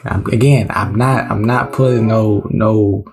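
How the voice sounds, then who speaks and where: A man's voice: lowish voice, fairly even intonation, unhurried, vocal fry, over music. A man reacting to a clip, explaining and preaching in casual slang and repeating his points. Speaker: reaction video host. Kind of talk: reaction commentary.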